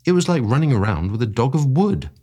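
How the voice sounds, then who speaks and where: A man reading a classic story aloud as narration in an expressive way that rises with excitement. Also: mid-range voice, fast talker, slightly rough. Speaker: podcast story reader.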